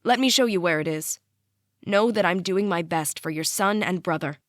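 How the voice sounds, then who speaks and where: A woman reading the part of a calm, collected male doctor speaking in a matter-of-fact way. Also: fairly low pitch, moderate pace, no room sound, clean studio sound, close to an everyday voice.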